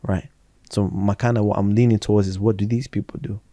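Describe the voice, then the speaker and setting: A man hosting a podcast, asking questions in an even, affirming way with many "you know" fillers. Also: fairly low pitch, fairly quick, no echo. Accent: British. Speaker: podcast host. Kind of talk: casual podcast interview.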